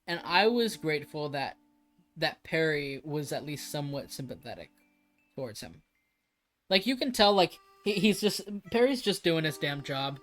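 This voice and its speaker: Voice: medium pitch, very animated, normal speed, a bit bright, soft background music. A livestreamer chatting casually, rambling and emphatic with frequent restarts and swearing.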